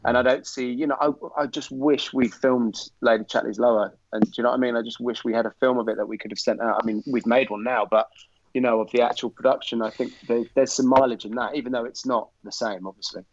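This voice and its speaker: A man's voice: mid-range voice, steady tone, fast talker. A man, an actor and director, talking earnestly and thoughtfully as a guest over a dull online call. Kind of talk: casual chat.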